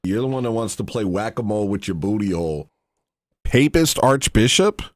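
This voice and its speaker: A tired man hosting a livestream, talking casually in a rambling, mocking, irreverent way with sudden high-pitched outbursts. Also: animated, moderate pace, no room sound, studio quality. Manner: slips into loud high-pitched bursts. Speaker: livestream host.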